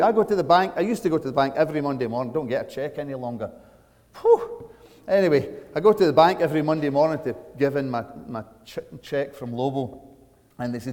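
A man from Britain preaching a sermon, swinging from hushed asides to loud, dramatic emphasis and checking in with the congregation. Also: on the high side, fast. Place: church sanctuary. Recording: long church reverb.

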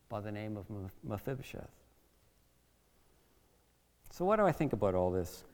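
A man's voice: mid-range voice, darkish tone, big-room sound. A male preacher retelling a Bible story in the first person, in a theatrical but conversational way.

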